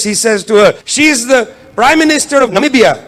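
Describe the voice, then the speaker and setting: A man's voice: very high voice, expressive, a little fast, a bit bright. A man giving a keynote political speech, impassioned and driving points home through repetition. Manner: impassioned, repetitive rhetorical emphasis. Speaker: keynote speaker. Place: event hall.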